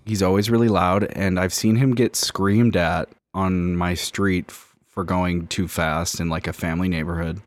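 A young man from Miami with a lowish voice tells a rambling, self-mocking story as a podcast co-host. His voice is recorded close and dry, with no room sound. He talks casually and mocks himself often. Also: fairly even intonation, normal speed, no echo. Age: 20s.

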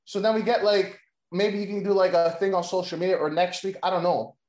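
High-voiced rambling man, echoey room. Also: fairly even intonation, fairly quick, a little mellow. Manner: rambling, heavy "like" fillers, swears freely. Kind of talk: casual chat pitching wrestling storylines. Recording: roomy echo.

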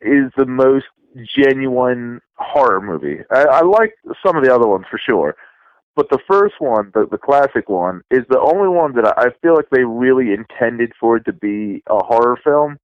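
A man in his thirties, co-hosting a podcast, talking in a relaxed, meandering way with many restarts. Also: medium pitch, moderate pace, no room sound, dull audio. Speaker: podcast co-host. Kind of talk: casual chat.

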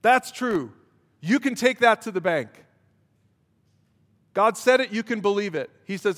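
A male pastor preaching a sermon while emotional, swinging between loud emphatic passages and hushed prayer. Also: sits high, a little slow, pauses often. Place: church. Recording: long church hall reverb.

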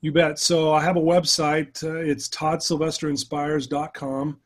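A middle-aged man, a guest life coach, telling his story in an animated, conversational way during a podcast interview. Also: on the high side, unhurried. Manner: animated storyteller who addresses the host by name.

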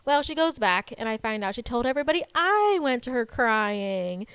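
A woman's voice: a little high, moderate pace, smooth, dry recording. A woman in her twenties telling a story in casual chat, with many "like" fillers. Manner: chatty, animated storytelling with laughs and "like" fillers.

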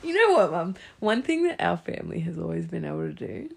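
A woman's voice: on the low side, big pitch swings, a little fast, creaky, breathy edge. A young Australian woman chatting with her mother, swearing a lot and laughing often. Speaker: adult daughter. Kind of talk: casual family chat.

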